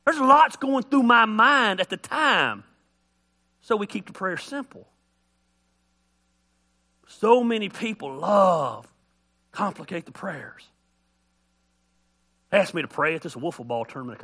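Animated pastor, bright voice. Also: male voice, high voice, slow pace, pauses often. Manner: animated storytelling, acts out voices; folksy, joking. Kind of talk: sermon.

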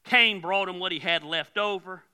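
A man preaching a sermon as pastor, animated, often repeating words as he starts a phrase. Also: high voice, moderate pace, clean tone. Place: church.

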